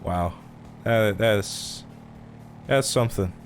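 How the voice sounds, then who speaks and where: A man's voice: on the low side, slow, background noise. A man hosting a live stream, chatting casually with viewers in a teasing way, swearing freely and laughing often. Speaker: streamer host. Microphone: streaming mic through a mixer.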